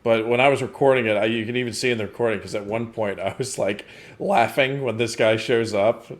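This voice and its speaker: Dude rambling through a movie recap, laughs a lot, cusses a ton, regular voice. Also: male voice, mid-range voice, brisk. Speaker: podcast co-host reviewing a movie. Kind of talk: casual chat.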